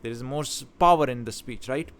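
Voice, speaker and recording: This mid-range male voice is brisk, smooth, and fairly bright. He's a religious teacher giving a talk on scripture, emphasizing key words and frequently restarting his phrases.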